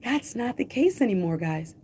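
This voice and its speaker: A woman's voice: a little high, big pitch swings, moderate pace, warm tone, slight background noise. A woman hosting a radio talk show, speaking urgently and emphatically to her listeners, repeating key points and asking rhetorical questions.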